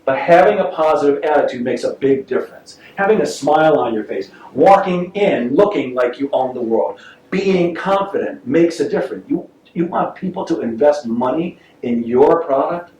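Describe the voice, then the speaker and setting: A man's voice: a little high, moderate pace. A man giving a live sales seminar to an audience, joking and acting out little scenes in his stories. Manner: animated, joking, acts out voices in stories. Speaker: sales trainer giving a talk. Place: meeting room with audience. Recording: roomy, distant mic with faint noise.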